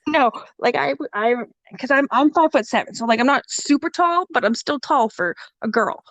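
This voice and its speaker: A woman's voice: high voice, normal speed, dry recording. Young woman, candid podcast guest, salty language, acts out the dialogue, dry close sound. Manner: swears freely and acts out quoted dialogue; lively, frank and joking. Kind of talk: casual storytelling chat.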